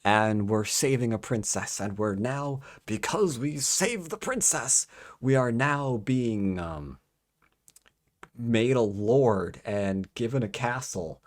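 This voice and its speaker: A man giving a casual, sarcastic book review, exasperated and mocking the story in quick put-on voices. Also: mid-range voice, expressive.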